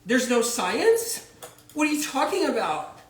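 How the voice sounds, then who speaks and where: A man's voice: extremely high pitch, sing-song, measured pace, a bit bright, a little hiss or hum, pitched above the performer's own voice, exaggerated voice. A man voicing an anxious pregnant woman who phones her doctor and questions him in shocked, indignant disbelief. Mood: alarmed, indignant. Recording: roomy echo.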